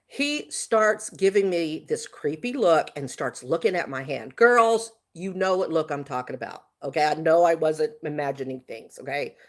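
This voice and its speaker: A woman telling a story on a casual livestream, animated and chatty, laughing often. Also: deep voice, moderate pace, few pauses. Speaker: vlogger.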